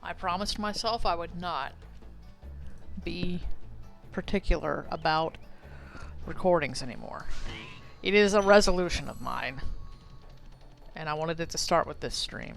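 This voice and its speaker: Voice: medium pitch, normal speed, creaky, fairly bright tone, faint music behind. A streamer giving casual gameplay commentary, rambling, swearing and mocking themselves.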